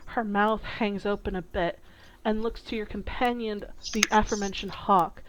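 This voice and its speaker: A woman narrating a tabletop game as dungeon master, describing scenes slowly with small hesitations. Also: medium pitch, fairly even intonation, background noise.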